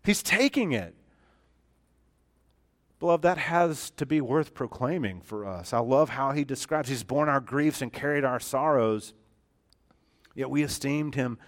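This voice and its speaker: A man preaching a sermon as a church pastor, emphatic and swinging from loud to hushed. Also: mid-range voice. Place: church sanctuary.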